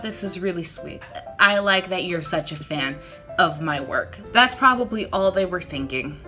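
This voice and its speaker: A young woman shares a personal story in a casual vlog, chatty and self-deprecating. Her voice is bright and a little sharp. She acts out her own flustered replies in a jumpy, squeaky way. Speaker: vlogger.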